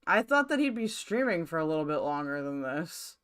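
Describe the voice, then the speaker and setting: A woman's voice: low voice, very animated, brisk, fairly bright tone, clean tone. A woman live streaming from her own room, chatting casually to her viewers in a rambling, mildly profane way.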